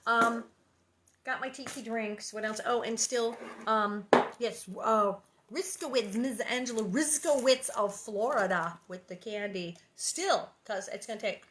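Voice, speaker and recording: A woman reads a children's novel aloud from home, then drifts into friendly chatter. Her voice sits a little high and rings bright, and she plays up the quotes with lots of laughter. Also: measured pace, a little hiss or hum. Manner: animated, chatty, laughs often, acts out quotes. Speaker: reader and host of a reading series. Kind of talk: reading aloud and casual chat.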